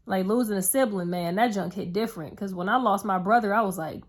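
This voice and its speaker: A woman's voice: mid-range voice, a little fast. Earnest young woman telling a heartfelt story. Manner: earnest, rambling, heavy with fillers; emotional, heartfelt retelling. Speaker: vlogger. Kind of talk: casual storytelling to camera.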